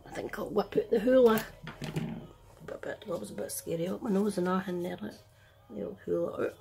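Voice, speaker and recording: Softly chatty Scottish woman, gravelly. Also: mid-range voice, fairly quick, slight background noise. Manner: chatty, self-deprecating, rambling. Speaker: makeup artist. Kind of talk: casual makeup tutorial chat.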